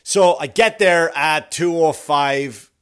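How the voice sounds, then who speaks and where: A man's voice: on the high side, takes it slowly, clean tone. A man hosts his own show and rants on his own, sarcastic and fed up, with a curse in nearly every sentence. His voice sits a little above the usual male range. He talks as a dad venting about everyday annoyances. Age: adult father. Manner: sarcastic, exasperated, swears constantly. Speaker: podcast host. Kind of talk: profane ranting monologue.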